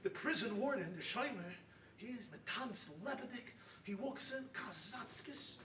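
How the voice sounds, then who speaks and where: A man preaching as a rabbi at a retreat, impassioned, swinging from loud calls to hushed lines and mixing in Yiddish and Hebrew terms. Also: very high-pitched, expressive, measured pace, a little hiss or hum. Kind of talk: sermon with storytelling. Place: hall at a weekend retreat. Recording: roomy, distant mic with faint ambience.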